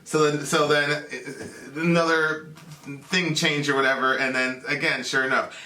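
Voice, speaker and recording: A man co-hosting a casual chat, talking in a halting way with many restarts and repeated words. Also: fairly high pitch, fairly even intonation, sharp tone. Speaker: co-host. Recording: echoey room, a bit off the mic.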